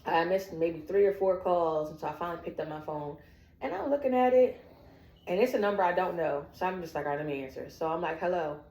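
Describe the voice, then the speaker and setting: A woman's voice: fairly low pitch, quick pace. A woman telling her own family story, acting out the quoted dialogue as she goes. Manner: animated, acts out quoted dialogue. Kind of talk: personal storytelling. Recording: echoey room.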